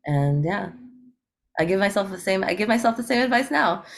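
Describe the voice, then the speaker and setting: A woman's voice: medium pitch, expressive, normal speed, creaky. A woman, a guest on an interview show, talking casually and upbeat, with lots of fillers and frequent laughter. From United States. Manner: chatty, upbeat, laughs often, many fillers. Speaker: guest, eco-rapper.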